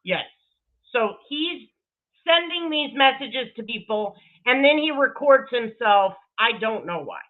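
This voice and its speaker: A woman's voice: on the high side, a little slow. A woman hosting a reaction commentary video, swearing freely and breaking into laughter. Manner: profane, laughing, animated. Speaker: commentary host. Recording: tinny phone-like sound.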